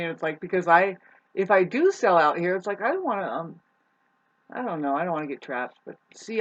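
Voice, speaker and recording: An astrology vlogger rambles casually to viewers on camera in a middling-pitched, fairly bright voice. The talk meanders and circles back, with frequent restarts and offhand swearing, and the audio is a bit dull and lo-fi.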